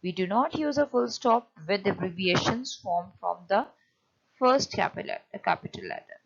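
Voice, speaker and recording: A woman teacher giving a lecture on punctuation, often pausing and restarting as she explains. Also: medium pitch, big pitch swings, vocal fry, highs cut off. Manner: hesitant, many fillers and restarts while explaining.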